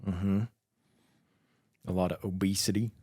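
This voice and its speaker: A man co-hosting a podcast about emergency medical work, telling stories with dark jokes and laughing often. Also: deep voice, level tone, measured pace, husky, no echo, clean studio sound. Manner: joking, laughs at his own dark humor. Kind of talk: casual chat.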